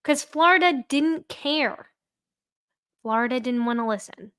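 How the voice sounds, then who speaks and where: A woman's voice: high-pitched, measured pace, pushed and bright, clean tone. A woman commentating on courtroom footage in a sarcastic, impassioned way. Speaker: true crime commentator.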